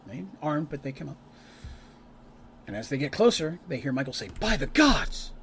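A man's voice: mid-range voice, animated, normal speed, creaky, slight background noise. A man casually recapping a tabletop campaign, rambling with chatty asides and restarts.

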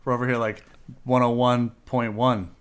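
A man's voice: medium pitch, flat delivery, normal speed, clean tone. A man co-hosting a casual podcast, joking and rambling, laughing often. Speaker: podcast co-host.

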